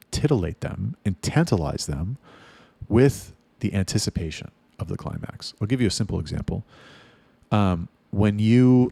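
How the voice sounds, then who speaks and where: Gravelly low-voiced blunt male sales coach. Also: warm tone, dry recording. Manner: blunt and profane, rambling with restarts. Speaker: sales trainer for chat staff. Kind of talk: casual coaching monologue.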